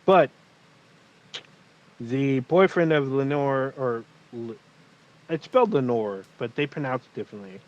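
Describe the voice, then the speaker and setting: In muffled, lo-fi audio, a man with a mid-range voice recaps a TV episode for a casual podcast, unhurried and pausing often. As co-host he tells it in an animated, profane way, swearing frequently and performing the characters' lines.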